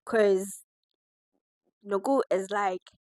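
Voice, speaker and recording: A woman chatting her way through a reality TV review, animated and laughing often. Her voice sits at a middling pitch and is recorded close and dry, with no room sound. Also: very slow, no room sound, poor audio. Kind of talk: casual reaction commentary.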